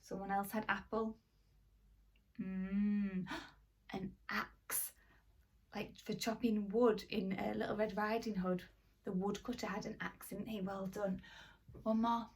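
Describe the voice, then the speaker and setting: A woman's voice: mid-range voice, level tone, unhurried. Woman, phonics teacher for small children, sing-song and encouraging, a bit distant from the mic. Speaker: primary school teacher. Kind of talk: phonics lesson for young children.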